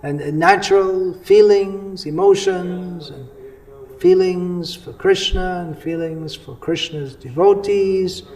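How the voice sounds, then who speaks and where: A man giving a religious lecture as a monk, measured and explanatory, pausing often and restarting his sentences. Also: high voice, a little mellow, poor audio. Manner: halting, many pauses and restarts.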